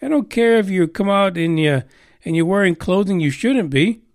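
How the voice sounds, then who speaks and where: A man's voice: sits high, animated, moderate pace, a little mellow, no echo, clean studio sound. A man hosting a podcast in a casual monologue, profane and sarcastic, rambling with many fillers. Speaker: podcast host.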